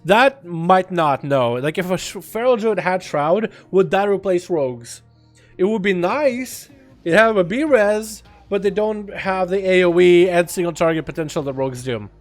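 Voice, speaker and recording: A young man livestreaming a video game in a casual chat, reading and answering his chat, with sudden loud excited outbursts. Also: sits high, moderate pace, faint music behind. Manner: chatty, reads and answers chat, bursts into loud excited outcries.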